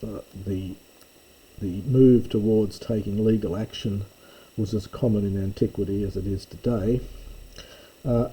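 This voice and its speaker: A man teaching a slow reading lesson, explaining each word in turn with frequent pauses and fillers. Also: on the low side, warm tone, husky, low-quality recording. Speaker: Greek teacher.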